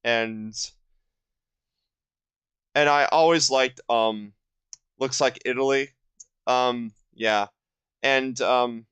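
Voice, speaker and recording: A young man in his twenties talks through a game at an unhurried pace, his voice smooth and clean. He rambles, stopping and restarting with plenty of fillers along the way. The sound is dry, with no room echo. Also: medium pitch, steady tone, fairly bright tone. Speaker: gaming video host. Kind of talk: casual let's-play commentary.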